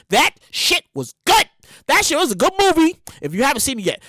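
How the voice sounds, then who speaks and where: A woman hosting a podcast in a casual comedic monologue, animated and emphatic, full of slang and swearing. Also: a little high, no echo. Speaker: podcast host.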